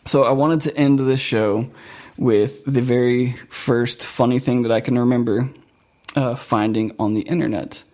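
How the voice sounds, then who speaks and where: A man's voice: mid-range voice, steady tone, a little slow, a little mellow. A young man from Florida hosting a podcast in casual chat, rambling and laughing often. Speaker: podcast host.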